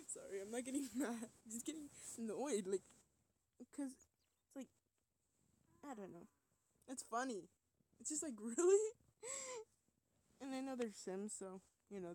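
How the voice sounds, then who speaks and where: A young woman with a slightly high voice gives casual gameplay commentary, chatty and giggly but sounding tired. She rambles and sometimes drops to a whisper, with a little hiss or hum in the audio.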